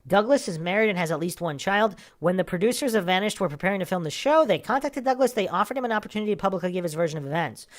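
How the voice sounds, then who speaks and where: A woman's voice: mid-range voice, animated, racing, hardly any pauses. Casual woman reading true crime sources. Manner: casual, with asides between read passages. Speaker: podcast host. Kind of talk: true crime podcast narration, reading articles aloud.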